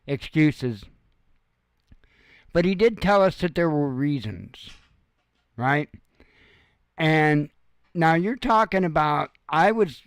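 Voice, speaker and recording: A man's voice: on the high side, smooth, no room sound. A tired, sore man speaking frankly in a rambling casual monologue, swearing freely. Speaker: host.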